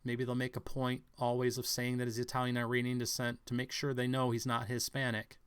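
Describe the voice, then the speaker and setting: A man giving a halting, speculative commentary on news stories, thinking aloud with many fillers and restarts. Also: mid-range voice, monotone, fairly bright tone, clean tone.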